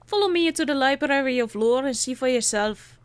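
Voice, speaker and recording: A woman's voice: high voice, lively intonation, brisk. A woman voicing a spirited young Scottish princess with an exaggerated put-on Scottish accent, reading game dialogue aloud. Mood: earnest.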